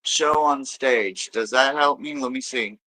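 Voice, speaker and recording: Bright-voiced man reading tarot live. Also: medium pitch, measured pace, poor audio. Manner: loose and rambling, swears freely, talks straight to the chat. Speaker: tarot reader hosting a live stream. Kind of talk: casual live-stream reading.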